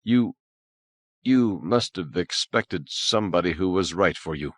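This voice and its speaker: A man voicing a shy, timid young boy in a storybook, speaking softly and hesitantly with stammers. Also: low voice, expressive, measured pace, no echo, studio quality.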